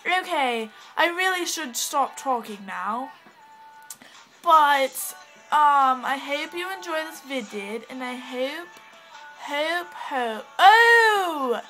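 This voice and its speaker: A woman with a high, expressive voice stretches out her words, sounding pushed and bright, over soft background music on a rough recording. She's a vlogger rambling to her camera at home with a cat, using a put-on English accent, bubbly and scattered, giggling and cutting herself off.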